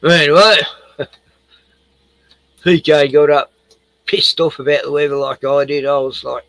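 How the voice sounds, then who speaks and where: A man's voice: on the high side, steady tone, a little slow, creaky, pauses often, fairly bright tone, no echo, rough recording. An older man hosting a livestream, rambling casually, laughing often and swearing freely. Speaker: livestream host. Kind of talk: casual chat.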